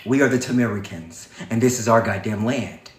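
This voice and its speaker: A man's voice: on the low side, normal speed. A man hosting a livestream, giving a defiant, preachy monologue full of swearing. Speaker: livestream host. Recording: echoey room.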